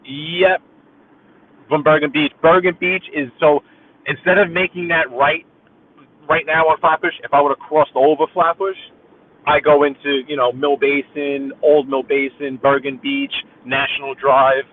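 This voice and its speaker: A man's voice: fairly high pitch, little pitch movement, measured pace, slight background noise. Chatty New York man in a car. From Brooklyn, New York. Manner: rambling, talkative, chatty with viewers. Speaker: live-stream driving host. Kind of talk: casual live-stream chat while driving. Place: inside a car. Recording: tinny phone-like audio.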